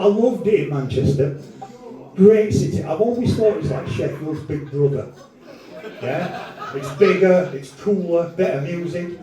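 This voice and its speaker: Brash Northern comedian in an echoey room. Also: male voice, sits high. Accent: Northern English. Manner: brash, sweary banter with the audience. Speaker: stand-up comedian. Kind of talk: live stand-up set with crowd work. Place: comedy venue with a live audience. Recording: echoey live room, distant mic, audience laughter.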